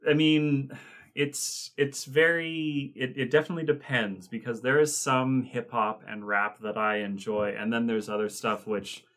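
A man's voice: mid-range voice, steady tone, unhurried, fairly bright tone. A man co-hosting a podcast, recapping scenes in casual chat with rambling asides and many fillers. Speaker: podcast co-host.

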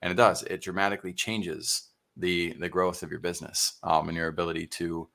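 Deep, bright-toned man speaking slowly. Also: flat delivery, gravelly. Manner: thoughtful, halting, with many fillers. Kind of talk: casual conversation.

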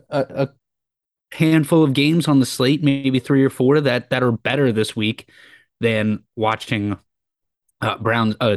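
A man's voice: medium pitch, no echo, clean studio sound. A man co-hosting a casual sports podcast, joking easily with frequent filler words. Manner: easygoing, joking, hesitant fillers. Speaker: podcast co-host.

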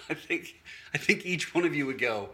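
A man delivering a sermon in a relaxed, storytelling way, with a bright, clear voice. His pitch swings up and down a lot as he acts out both sides of a conversation, and he often breaks into small laughs. At times he drops to a near hush to make a point. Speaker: pastor, national director of a church movement.

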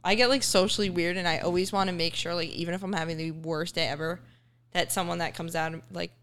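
A young woman with a lowish voice talks fast and candidly in casual podcast chat. She keeps a quick, open, giggly manner. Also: steady tone, fairly bright tone, smooth. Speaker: fitness influencer.

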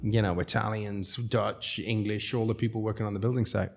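Low-voiced rambling South African-raised man. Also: fairly even intonation, a little fast, vocal fry, husky. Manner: rambling, chuckles often, self-interrupting. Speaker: restaurateur guest. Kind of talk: casual storytelling.

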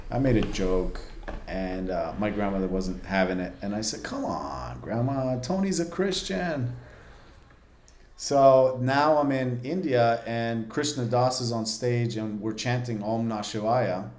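A man in his forties, appearing as a podcast guest, tells a personal story vividly, earnestly and candidly, sprinkling in plenty of "like" fillers. His voice is lowish and a little mellow, with some hiss or hum, and the room sounds roomy and echoey.

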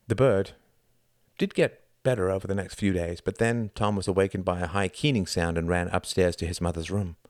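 A man reading an audiobook in a measured, deliberate style. His voice sits very low. The recording is close and dry, with no room sound. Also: steady tone, dry recording. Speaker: audiobook narrator. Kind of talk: scripted narration.

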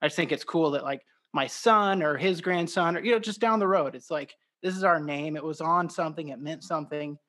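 Guesting on a podcast, a toy maker from Southern Illinois in his thirties keeps the conversation relaxed and pokes fun at himself. He talks briskly with hardly any pauses, his voice fairly high and bright.

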